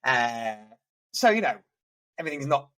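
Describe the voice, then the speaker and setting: A man's voice: medium pitch, very animated, moderate pace, fairly bright tone, poor audio. A man co-hosting a casual podcast, telling rambling work anecdotes with lots of restarts. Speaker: podcast co-host, estate agent.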